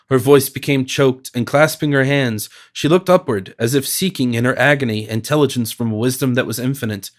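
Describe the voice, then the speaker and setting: A man's voice: medium pitch, brisk. Man narrating a classic novel. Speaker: audiobook narrator.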